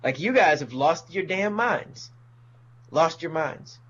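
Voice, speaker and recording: Profane ranting comedian, muffled lo-fi. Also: male voice, on the high side, lively intonation, slow, fairly bright tone, breathy edge. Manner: profane, ranting, mocks people in put-on voices. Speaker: comedian guest. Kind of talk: casual podcast chat.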